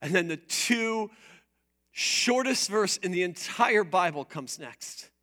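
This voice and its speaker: A man preaching a sermon in an animated, playful way, drawing his congregation into call-and-response. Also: high voice, slow pace. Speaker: pastor.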